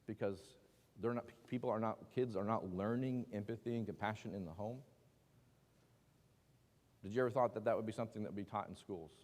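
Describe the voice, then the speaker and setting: A man's voice: fairly low pitch, a little fast, long pauses, darkish tone. Joking man teaching a Bible class. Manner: conversational, joking, asks the class questions. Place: church classroom. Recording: long hall reverb.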